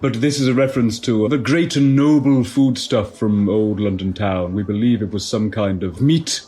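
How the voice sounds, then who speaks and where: A man's voice: fairly low pitch, moderate pace, dark tone, close to an everyday voice. A man playing a pompous, self-assured tour guide in a comedy audio sketch.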